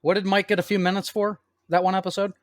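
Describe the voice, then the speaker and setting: A man co-hosting a podcast, talking in quick, laughing casual banter. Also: high voice, level tone, no room sound, clean studio sound. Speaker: podcast co-host. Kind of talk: casual chat.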